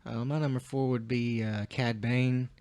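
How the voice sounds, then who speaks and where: Male podcast guest, relaxed lore explainer, middle pitch, dry recording. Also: a little slow, no room sound. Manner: laid-back, explains lore with "you know" and "like". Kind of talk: casual chat.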